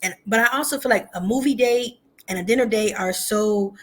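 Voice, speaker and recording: A woman's voice: medium pitch, brisk. Chatty woman co-hosting a dating talk. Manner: candid, chatty, frequent fillers and laughs. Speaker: podcast co-host. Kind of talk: casual chat.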